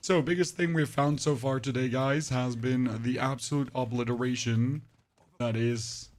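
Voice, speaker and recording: A man chatting loosely through a live gameplay stream, his voice roughened by a touch of hoarseness. He drifts from point to point, tossing jokes and asides to his viewers at a mid-range pitch. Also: steady tone, moderate pace. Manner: rambling, joking asides to chat. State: a bit hoarse. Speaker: game streamer.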